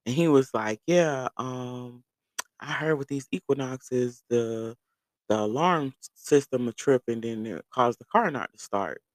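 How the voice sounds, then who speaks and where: A man's voice: medium pitch, a little slow, no echo. Casual storytelling man, dry close sound. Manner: animated, profane, laughs through the story. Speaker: vlogger.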